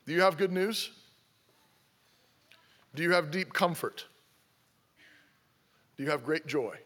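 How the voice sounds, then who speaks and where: Male pastor, high bright voice, preaching with insistent repeated questions. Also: takes it slowly. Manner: exhorting, repeats rhetorical questions. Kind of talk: sermon.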